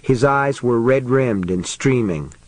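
A man narrating an audiobook in a steady, measured reading voice. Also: mid-range voice, low-quality recording.

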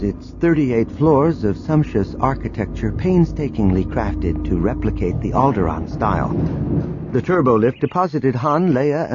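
A man narrating an audiobook in an expressive way, voicing every character himself. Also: lowish voice, slightly rough, lo-fi sound. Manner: expressive, performs all the characters. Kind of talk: scripted narration.

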